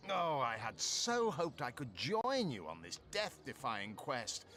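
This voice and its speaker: A pompous, scatterbrained guild official from a video game, speaking slowly with grand, theatrical swoops in pitch. He sounds flustered and self-important. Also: wildly swooping pitch, a bit bright. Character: pompous, absent-minded male guild official.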